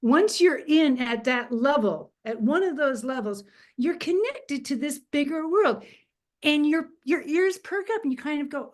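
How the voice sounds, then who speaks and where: A woman's voice: sits high, expressive, unhurried. A woman, a magazine founder, tells a self-deprecating story in a casual interview over a video call. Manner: chatty, self-deprecating anecdotes with laughs.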